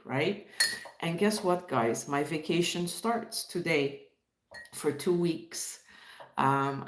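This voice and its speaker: Chatty woman from Montreal, echoey room. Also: fairly low pitch. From Montreal, Canada. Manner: chatty, reads chat, greets viewers warmly by name. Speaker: livestream host. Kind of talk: casual live-stream chat.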